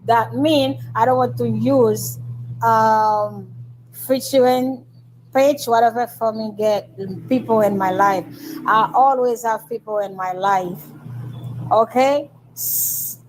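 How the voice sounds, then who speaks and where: A woman's voice: on the high side, slow, a little hiss or hum, rough recording. A woman with a Haitian Creole accent hosting a casual livestream, answering viewer comments in broken English mixed with Creole. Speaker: livestream host.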